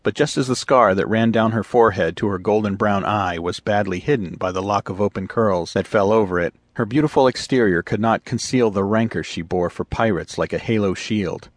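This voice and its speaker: A man narrating a science fiction audiobook in a steady, even storytelling manner. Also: on the low side, brisk, few pauses, no echo, clean studio sound. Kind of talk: scripted narration.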